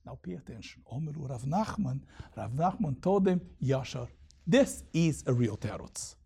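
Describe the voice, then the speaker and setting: A man teaching a Talmud lesson, reading Aramaic passages and explaining them in lively English. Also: medium pitch, normal speed, creaky, husky.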